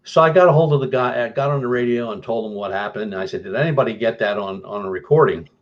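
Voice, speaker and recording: A man telling a story as a guest, with an animated delivery that jumps higher for emphasis. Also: quick pace, highs cut off. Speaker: guest paranormal investigator. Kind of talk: casual storytelling.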